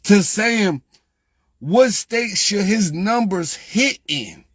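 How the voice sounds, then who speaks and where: A man talking casually to viewers about lottery picks, repeating himself and growing exasperated, getting louder when he quotes their questions. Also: high-pitched, expressive, drawn-out words, breathy edge, no room sound. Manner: repetitive, exasperated, rises when quoting viewers. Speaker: lottery tips creator.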